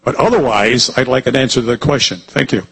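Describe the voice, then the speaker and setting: A man with a very raspy, rough voice asks a pointed question from the audience. He halts and trips over his words as he goes. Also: mid-range voice, quick pace, fairly bright tone, rough recording. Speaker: audience member asking a question.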